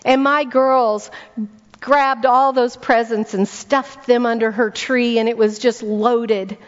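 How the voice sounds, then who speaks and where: A woman with a slightly high voice and fairly even intonation preaches slowly to a congregation in a church hall during a church weekend event. She tells stories, throws rhetorical questions at the room, and repeats words for weight. The audio is dull and reverberant.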